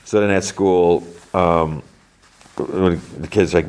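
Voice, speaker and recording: A man's voice: low-pitched, unhurried, a little mellow. A man hosting a podcast, casually recapping a TV episode in a loose, rambling way full of fillers. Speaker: podcast host.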